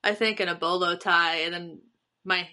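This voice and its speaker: Bright-voiced woman co-host, playful and jokey. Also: on the low side, steady tone, moderate pace. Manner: playful, jokey, laughs often. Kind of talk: casual chat.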